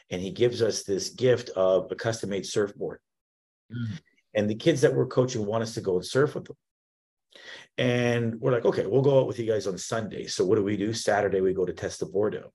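A man hosts a casual interview and tells a story. He speaks in an animated way, with lots of quick restarts and repeated words. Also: on the low side. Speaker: podcast host.

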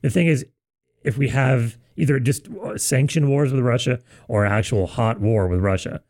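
A man's voice: mid-range voice, moderate pace, a little mellow. A man co-hosting a casual podcast, who swears freely and speculates loosely about things he has heard. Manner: profane, laughs along, speculative. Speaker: podcast co-host.

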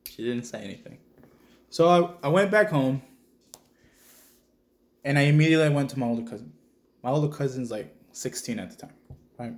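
A man from El Salvador swears his way through a ghost story in easy, casual talk, his voice sitting at an ordinary middle pitch. The room around him rings with a noticeable echo. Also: fairly quick, pauses often. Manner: profane, animated storyteller. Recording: echoey room.

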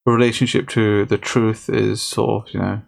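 A man's voice: on the low side, little pitch movement, moderate pace, gravelly. A man in a casual chat who talks in rambling stretches with many restarts and joins in argumentative banter.

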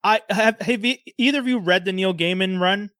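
A man co-hosting a casual chat about films, animated and laughing often. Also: high-pitched, a little fast, dry recording, clean studio sound. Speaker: podcast co-host.

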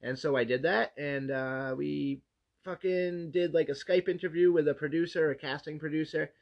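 A young man chats casually as a podcast co-host. He jokes and swears freely, and his voice sits a little high for a man. The sound is dull and lo-fi. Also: fairly even intonation, moderate pace, vocal fry. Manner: joking, swears a lot, puts on bad accents. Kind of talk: casual chat.

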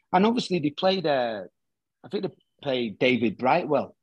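A middle-aged man, a former footballer, chatting casually as a guest and telling lively anecdotes in which he acts out the quoted dialogue. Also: a little high, normal speed, vocal fry, breathy edge, no echo. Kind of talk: casual storytelling chat.

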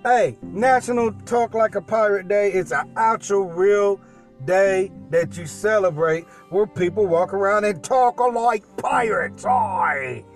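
A man's voice: high voice, soft background music. A man co-hosting a podcast, chatting playfully in a casual, loose way. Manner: playful, drawn-out delivery with shouted pirate growls. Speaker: podcast co-host.

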